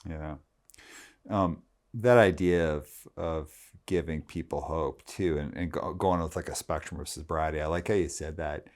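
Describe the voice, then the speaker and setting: A man's voice: rumbling low, steady tone, normal speed, a little mellow. A man hosting a podcast, talking in a casual, rambling way with many restarts. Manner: rambling, heavy use of "like" and restarts. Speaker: podcast host.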